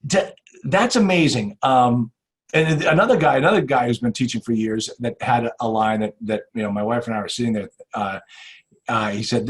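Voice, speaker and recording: An older man hosting a podcast, chatting casually and animatedly, with many restarts and trailing off quietly. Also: mid-range voice, moderate pace. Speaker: podcast host. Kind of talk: casual interview chat. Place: home in New Hampshire.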